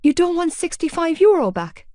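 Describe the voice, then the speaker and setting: A woman's voice: very animated, normal speed, warm tone, dry recording, clean studio sound. A woman voicing a flustered shy teenage girl. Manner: awkward, high and breathless. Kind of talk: audiobook character voice.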